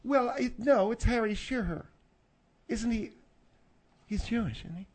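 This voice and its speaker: A man's voice: high voice, expressive, pitched above the performer's own voice. A man voicing a touchy older woman who bickers with the host in a radio comedy sketch. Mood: prickly. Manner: bickering, quick to take offense.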